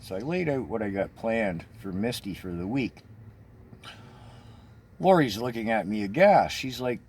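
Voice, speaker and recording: Rambling, low-voiced male storyteller. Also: animated, unhurried, pauses often, darkish tone, slightly rough. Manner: colloquial, meandering, wry. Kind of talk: rambling spoken anecdote.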